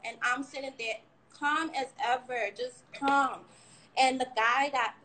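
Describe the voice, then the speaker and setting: A young woman shares her story of surviving a shooting on a livestream, rambling candidly about the frightening ordeal and sometimes cursing. Her slightly high voice has a sharp tone. There's some background noise in the rough recording.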